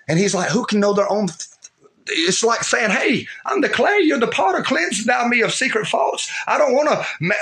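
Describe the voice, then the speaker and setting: A man delivering a fervent sermon, his voice bright and forceful and pitched a little high. He keeps circling back with call-and-response asides to the congregation. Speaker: preacher.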